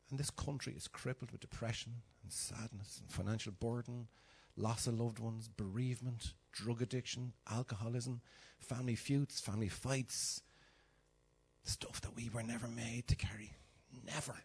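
Older Dublin Irish man, mid-pitched voice, for a chatty, joking informal sermon to a congregation. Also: steady tone, normal speed, darkish tone, husky. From Dublin, Ireland. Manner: chatty and self-mocking, acts out little dialogues. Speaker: preacher. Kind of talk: informal sermon with humorous stories.

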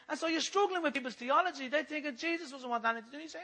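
A man preaching a sermon, impassioned and repetitive, moving between loud passages and hushed ones. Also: very high-pitched, racing, few pauses, low-quality recording.

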